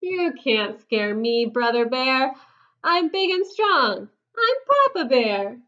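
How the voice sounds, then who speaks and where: A woman's voice: high voice, very animated, takes it slowly, bright, forceful tone, dull audio, heavily acted. A woman voicing a fussy father bear who hiccups through his rhyming lines, for a storybook read-aloud. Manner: hiccups in sing-song rhyme.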